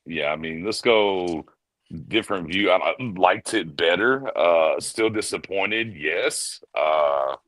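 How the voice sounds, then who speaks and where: Low-voiced man in a dry, close recording. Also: dry recording, low-quality recording. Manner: animated storyteller, mimics characters in quick bursts. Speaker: podcast co-host reviewing a film. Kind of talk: casual chat.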